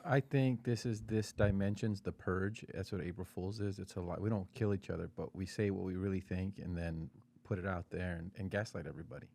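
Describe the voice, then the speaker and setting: A man with a very low, mellow voice and heavy vocal fry, dropping deadpan lines as a podcast co-host. He speaks quietly and sounds set back from the mic. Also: fairly quick, hardly any pauses.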